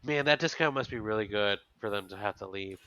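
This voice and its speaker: A man co-hosting a podcast, chatting casually and thinking out loud about an episode. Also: lowish voice, brisk, no echo. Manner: chatty, musing, thinks aloud. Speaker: podcast co-host. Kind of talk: casual chat.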